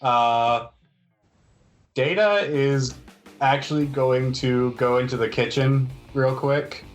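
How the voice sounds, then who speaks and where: A man narrating a tabletop game as game master, laid-back and deadpan. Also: mid-range voice, slow pace, soft background music.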